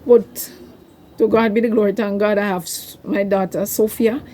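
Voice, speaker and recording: A woman's voice: mid-range voice, level tone, a little fast, mellow, a little hiss or hum. An older woman, telling a personal story to her vlog viewers in a rambling, emotional way. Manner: emotional, rambling, tearful at times. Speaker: vlogger.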